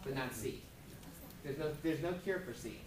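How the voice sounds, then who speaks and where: A man answering student questions in casual talk at a university, animated and acting out quoted dialogue from his own stories. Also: mid-range voice, moderate pace, a crowd in the background. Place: university lecture room.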